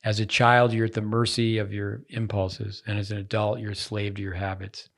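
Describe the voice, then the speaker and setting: Gravelly-voiced male podcast host. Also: fairly low pitch, flat delivery. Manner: halting, many restarts, talks in sayings. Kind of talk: casual podcast chat.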